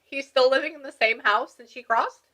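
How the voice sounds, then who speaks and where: A woman gives a medium reading, relaying messages in an excitable, chatty way. Her voice is bright and sits somewhat high, and she laughs easily between thoughts. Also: fairly quick, low-quality recording. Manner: excitable, laughs often, relays what a spirit says. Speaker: spiritual medium. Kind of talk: reading session for a client.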